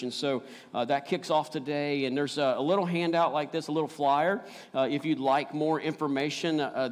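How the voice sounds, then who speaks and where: A man with a fairly high voice preaches to his congregation in a church sanctuary. He talks earnestly, dotting his phrases with "uh" and pressing harder on key points. A long reverb trails each phrase. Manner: earnest, frequent "uh" fillers, building emphasis. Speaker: pastor. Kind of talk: sermon. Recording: long reverb of a large hall.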